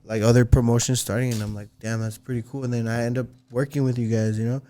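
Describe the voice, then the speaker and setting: A man co-hosts a casual podcast and talks fast in an offhand, slangy manner. His voice sits in the middle range, and faint clicking noise can be heard behind him. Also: medium pitch, level tone, warm tone. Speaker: podcast co-host.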